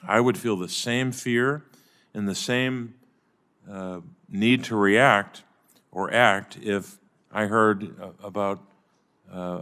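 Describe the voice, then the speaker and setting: An older man chairing a formal hearing, giving measured opening remarks with some halting restarts. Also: on the low side, fairly bright tone. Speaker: committee chairman.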